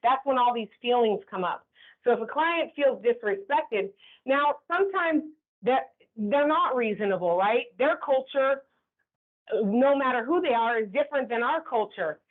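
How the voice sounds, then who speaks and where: A woman leading a staff training class. She talks in a lively way and keeps checking in with the group. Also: fairly high pitch, normal speed. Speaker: workplace trainer. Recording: tinny phone-like recording.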